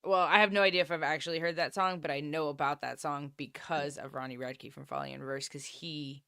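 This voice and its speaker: A woman co-hosting a casual chat, animated and quick to laugh. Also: low voice, gravelly, no echo, clean studio sound. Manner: chatty, animated, laughs loudly. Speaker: co-host.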